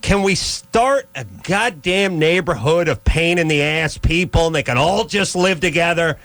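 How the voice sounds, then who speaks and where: A man's voice: moderate pace, a bit bright, no room sound. A male radio host telling a profane, exasperated story as a comic rant, with punchy delivery. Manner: punchy delivery, jumps into high mocking voices. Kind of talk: comic ranting talk radio.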